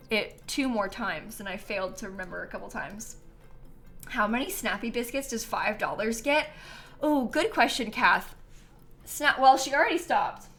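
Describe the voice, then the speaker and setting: Bright-voiced young woman streamer. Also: a little high. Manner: chatty, self-mocking, laughs often, reads donations aloud. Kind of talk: casual live-stream chat.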